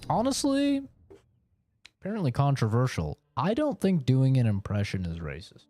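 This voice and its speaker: A male game streamer chatting casually to his viewers, his pitch swinging lively up and down. Faint music plays behind him. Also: normal speed. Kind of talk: casual live-stream chat.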